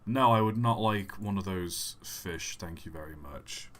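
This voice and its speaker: A young man streaming a game and chatting casually, rambling and correcting himself, then bursting into excited exclamations. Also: low-pitched, measured pace, slight background noise. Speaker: live streamer. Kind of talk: casual live-stream chat while gaming.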